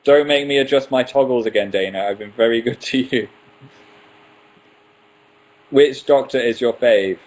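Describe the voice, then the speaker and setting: A man's voice: medium pitch, normal speed, long pauses, darkish tone, rough recording. A man in his twenties hosting a casual live stream, reading out viewer questions and answering them one by one with playful asides. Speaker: livestream host.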